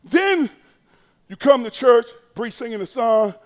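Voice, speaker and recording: Very high-voiced impassioned male pastor. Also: lively intonation, a little slow. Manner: impassioned preaching that swings between hushed and shouted. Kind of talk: sermon.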